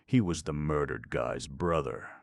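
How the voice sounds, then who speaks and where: A man's voice: very deep voice, a little slow, gravelly, exaggerated voice. A man reading the part of a young hotel hall boy, giving blunt, matter-of-fact answers. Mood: plain.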